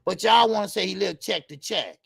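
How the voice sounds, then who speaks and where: Boxing talk-show host, heated rant, gravelly voice, dry close sound. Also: medium pitch, fairly quick, no echo. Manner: fired-up, repetitive, talks straight to viewers.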